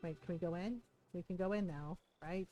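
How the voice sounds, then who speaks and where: A woman's voice: fairly low pitch, fairly quick, dark tone, soft background music. A woman streaming a video game, chatting casually with viewers, rambling with ums and frequent laughs. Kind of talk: casual live-stream chat.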